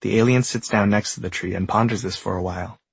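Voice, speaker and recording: A man narrating a whimsical storybook tale with a husky, slightly low voice. His delivery is gentle and deadpan, and the recording is close and dry with no room echo. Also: fast. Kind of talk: scripted narration.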